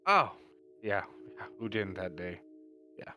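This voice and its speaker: A man's voice: on the low side, very animated, unhurried, bright, forceful tone, full character voice. A man putting on a frail, folksy old coroner. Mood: somber. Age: 50s. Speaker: coroner character.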